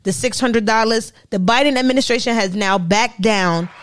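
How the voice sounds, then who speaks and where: A young woman, co-hosting a casual podcast chat, playful and animated, laughing often. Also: fairly high pitch, normal speed. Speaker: podcast co-host.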